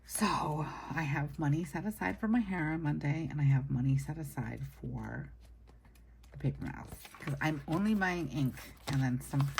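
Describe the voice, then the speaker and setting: A woman with a low-pitched voice rambles cheerfully to camera during a casual plan-with-me session, setting up her weekly planner. She's at her home desk, the camera sits low on it, and there's a little hiss or hum.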